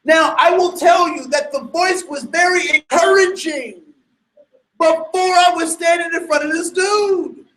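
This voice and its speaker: A man with a very high voice tells a personal story to an audience. He stumbles over repeated words and restarts, then breaks into loud, excited bursts. His delivery is lively and animated. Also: measured pace, poor audio.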